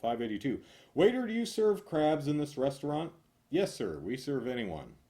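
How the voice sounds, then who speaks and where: A man reading numbered jokes aloud one after another, hitting each punchline with animated emphasis. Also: medium pitch. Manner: animated, punchy joke delivery with drawn-out punchlines.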